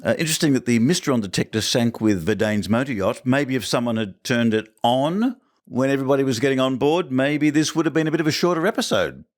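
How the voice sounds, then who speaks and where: Speaking fast in a mid-range voice, a man hosts a podcast and reviews an episode with wry humor. He keeps tossing out rhetorical questions as he jokes his way through it.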